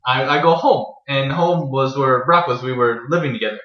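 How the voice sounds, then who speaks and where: A young man from New York telling a college story in casual podcast chat, animated and profane, tagging lines with "right?". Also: mid-range voice, brisk, reverberant, lo-fi sound. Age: young adult. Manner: animated, profane retelling with many "right?" tags. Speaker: podcast co-host.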